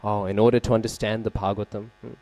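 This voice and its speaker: A man giving a scripture class at a temple, telling a story in a conversational way, often asking "right?" and pausing to search for names and terms. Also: fairly low pitch, flat delivery, warm tone, no echo. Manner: conversational, frequent "right?" check-ins and fillers. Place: temple hall.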